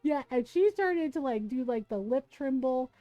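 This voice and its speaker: High-voiced woman telling a profane story. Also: moderate pace, no echo, highs cut off, soft background music. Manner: animated, profane, laughing often. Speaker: streamer. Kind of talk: casual storytelling while gaming.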